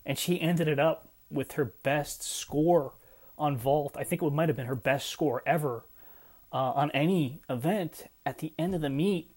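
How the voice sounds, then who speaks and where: A middle-aged man talking in a casual vlog, emotional and choked up, halting with many fillers. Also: fairly high pitch, a little mellow, breathy edge. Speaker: parent vlogger.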